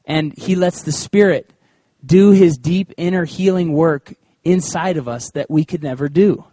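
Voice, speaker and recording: A man preaching a sermon in a conversational, animated way, weaving in personal stories. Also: on the high side, a little slow, few pauses, no room sound. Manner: conversational and animated, with acted-out quotes. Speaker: pastor.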